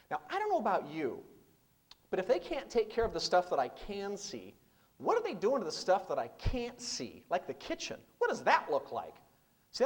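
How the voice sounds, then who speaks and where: Speaking to a packed seminar room, a middle-aged business speaker hammers his points home with rhetorical questions and one-word punchlines he repeats. His freely rising and falling pitch keeps things lively.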